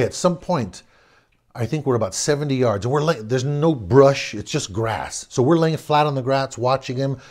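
A middle-aged man from Southern California tells an old neighborhood story off the cuff. His pitch swings up and down with the telling, and he doubles back on words and chuckles between phrases. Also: a little mellow. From Southern California, USA. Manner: rambling, self-correcting, chuckles as he goes. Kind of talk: casual spoken anecdote.

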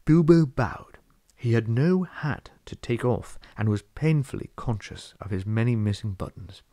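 A man reading a classic fantasy novel aloud as an audiobook narrator, telling the story in a steady, read-aloud way. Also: mid-range voice, measured pace, dry recording. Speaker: audiobook reader. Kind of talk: scripted narration.

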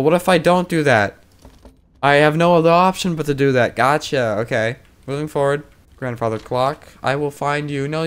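A man doing let's play commentary, joking, talking to the game's characters and breaking into sudden loud yelps. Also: medium pitch. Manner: joking, talks to the game characters. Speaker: gaming YouTuber.

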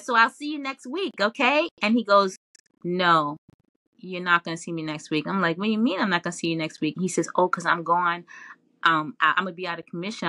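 A woman guest in a casual interview, telling her story in an animated way with lots of laughs and fillers. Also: low-pitched, dry recording. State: tearful, near crying.

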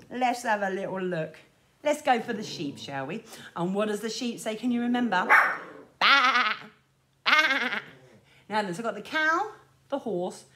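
A woman runs a cheerful children's lesson outdoors. Her high voice leaps up and down in an animated, sing-song way as she talks straight to the little ones. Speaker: children's music teacher. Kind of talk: lively children's lesson with songs. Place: outdoors in sunshine.

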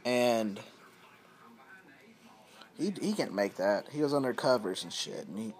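A man's voice: lowish voice, expressive, unhurried. A man vlogging from his home, telling a long story in a loose, rambling, profane way and repeating himself often, recorded on a phone camera. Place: at home, indoors.

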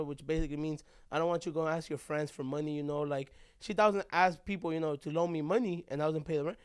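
A man's voice: fairly high pitch, steady tone, fast, few pauses, clean tone, no echo, clean studio sound. A young man co-hosting a podcast, telling a heartfelt story in a rambling, casual way full of "bro" and "like.". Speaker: podcast co-host.

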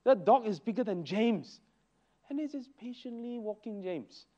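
A man leads a church Bible lesson, telling anecdotes with bursts of exclamation. His voice sits high and leaps around expressively. The recording sounds dull and lo-fi. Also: unhurried. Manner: animated storytelling with exclamations. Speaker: Sunday school teacher.

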